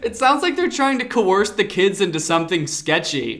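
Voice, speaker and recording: A man's voice: high-pitched, very animated, normal speed, few pauses, fairly bright tone, faint music behind. A young man doing comedic video commentary, sarcastic, swearing casually and acting mock-outraged. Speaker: online commentary host.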